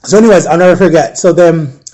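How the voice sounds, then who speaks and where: A man telling a painful personal story in a candid, subdued way, halting and full of fillers and restarts. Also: on the high side, mellow. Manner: emotionally shaken, subdued. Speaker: storyteller recounting a personal ordeal.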